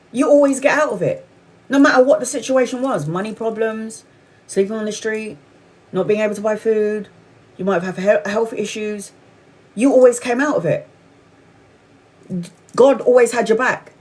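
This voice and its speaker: Forties woman, spiritual livestream host: frank, sweary, animated, pitched a touch high. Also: normal speed, pauses often. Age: 40s. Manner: candid, swearing, animated storytelling. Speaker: tarot reader livestream host. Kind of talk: casual spiritual chat.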